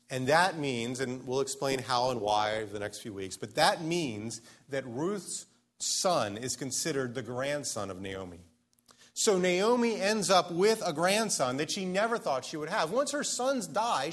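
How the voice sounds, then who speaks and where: A man preaching a sermon as pastor to his church, earnest and pleading, slowing down to stress key lines. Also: medium pitch, fairly bright tone. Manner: earnest, pleading, slows down for emphasis.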